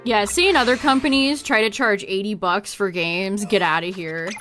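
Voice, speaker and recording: A woman's voice: mid-range voice, normal speed, a bit bright, soft background music. A woman streaming a game, chatting casually with her viewers, laughing often and trailing off mid-sentence. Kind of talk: casual livestream chat to viewers.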